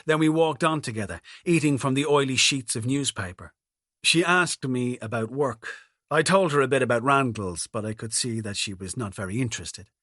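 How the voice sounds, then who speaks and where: A man narrates a novel in the first person, calm and measured. His voice sits at an ordinary middle pitch. The recording is dry and close, with no room sound. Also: no echo. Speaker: audiobook narrator.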